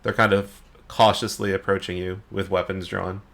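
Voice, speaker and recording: A man narrating as dungeon master in a tabletop game, in a calm, measured way. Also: low voice, creaky.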